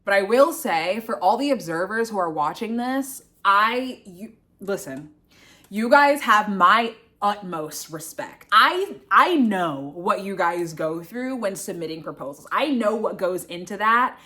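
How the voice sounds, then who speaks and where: A young woman telling a casual storytime vlog, animated and swearing, acting out what others said. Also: mid-range voice, measured pace. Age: young adult. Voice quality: expressive, swearing, acts out voices of others. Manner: animated retelling, swings between loud and hushed. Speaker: vlogger, grad student.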